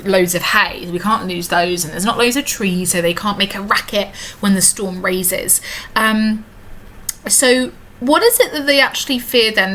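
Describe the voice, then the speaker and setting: A woman's voice: mid-range voice, pushed and bright, a little hiss or hum. Teacher woman explaining a poem. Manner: explains step by step, many fillers, reads lines slowly. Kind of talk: recorded lesson on a poem.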